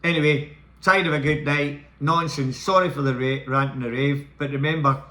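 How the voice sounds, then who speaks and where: A man's voice: a little high, fairly even intonation, normal speed, sharp tone. Swearing Scottish man ranting. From Scotland. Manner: swearing, heated, repetitive. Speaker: football fan vlogger. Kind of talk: angry fan rant to camera.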